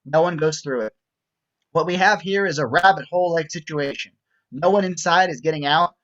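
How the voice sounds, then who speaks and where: A man reading stage directions aloud in a steady, matter-of-fact way. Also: on the high side, fairly quick, muffled recording. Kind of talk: script reading narration.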